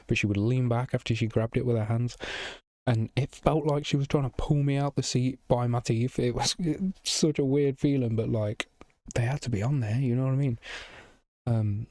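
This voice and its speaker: A man's voice: fairly low pitch, dark tone, no room sound, studio quality. A young man telling a rambling story to camera in casual vlog style, swearing freely and full of fillers and restarts. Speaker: vlogger.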